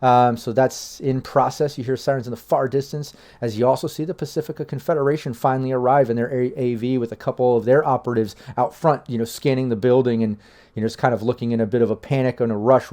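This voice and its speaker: A man's voice: mid-range voice, fairly even intonation, quick pace, darkish tone. A man running a tabletop game as game master, narrating in a rambling way with many fillers and restarts.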